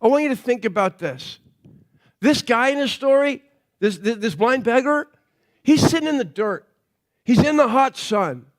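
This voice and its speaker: A man's voice: very high-pitched, animated, moderate pace, pauses often. A male pastor preaching a sermon in a church. He talks in a conversational, story-telling way and often restarts his sentences.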